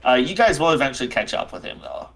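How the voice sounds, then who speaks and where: A man's voice: medium pitch, huge pitch swings, fast talker, vocal fry, fairly bright tone, poor audio. A man running a tabletop game as game master, narrating moves and dice rolls in a casual way with many fillers.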